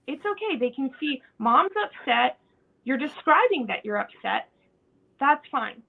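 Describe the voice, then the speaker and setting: A fairly high-voiced woman with a gravelly, creaky edge chats on a podcast, animated and expressive. Her voice comes through thin and tinny, like a phone line. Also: unhurried. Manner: animated, acts out quoted voices. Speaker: podcast host. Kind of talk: casual podcast chat.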